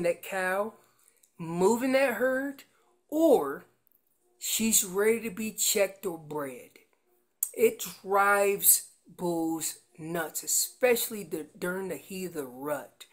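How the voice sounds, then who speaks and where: Slow-paced and high-pitched, an animated man demonstrates elk calling as a guest instructor. He breaks down every call step by step with the emphatic energy of a hands-on coach, while staying practical and instructional.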